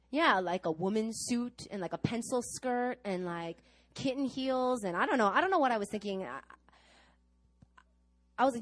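A woman's voice: mid-range voice, brisk. A middle-aged woman pastor preaching a sermon, telling stories to her congregation and acting out the people she quotes. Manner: animated storytelling to a congregation, acting out quoted voices.

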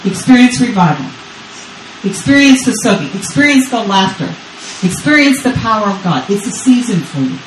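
A woman's voice: mid-range voice, sing-song, moderate pace, recorded from a distance, slight background noise. A woman in her fifties from Texas, a grandmother, preaching a sermon as guest speaker with urgent, repetitive call-and-response. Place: church service. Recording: roomy church sound from off-mic.

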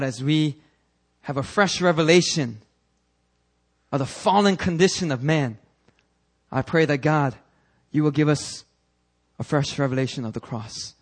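A male pastor preaching a fervent sermon that rises into shouting, then leading prayer. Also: on the high side.

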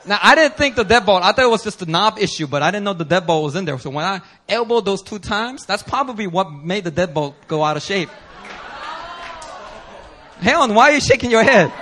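Animated bright-voiced male pastor. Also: high-pitched, a little fast, slight background noise. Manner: animated storytelling with laughter and shouts. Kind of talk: sermon with storytelling. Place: church service.

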